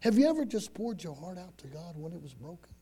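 A man preaching a sermon, retelling a story with dramatic swings from loud to hushed and frequent repeated words. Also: high-pitched, very animated, fast, breathy edge.

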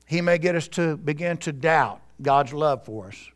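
A man's voice: a little high, lively intonation, moderate pace. A male pastor preaching a sermon at a church service, speaking earnestly and addressing the congregation directly.

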